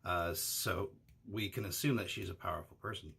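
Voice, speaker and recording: A man's voice: low-pitched, moderate pace, gravelly, a bit bright, husky. A man co-hosting an anime discussion, asking his partner questions and hedging with fillers as he talks. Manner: asks questions, hedging with fillers like "uh" and "you know". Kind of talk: casual analytical discussion.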